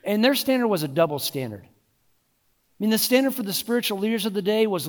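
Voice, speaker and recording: A man's voice: high-pitched, expressive, moderate pace, darkish tone. A married man preaching a sermon in a conversational way, with frequent asides and small restarts. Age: adult, married. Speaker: pastor.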